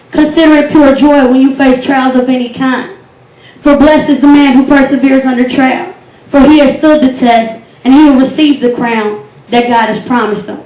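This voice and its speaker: A woman's voice: high-pitched, darkish tone, far from the mic. A young woman hosting a poetry slam and performing her own spoken word poem with a rhythmic, earnest and devotional delivery. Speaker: poetry slam host and poet. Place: event hall. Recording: echoey hall recorded from afar.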